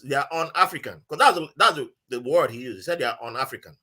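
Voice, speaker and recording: A Nigerian-accented podcast guest with a slightly rough, mid-range voice talks at a quick pace. Telling a story in relaxed chat, he brings it to life by acting out the voices he quotes.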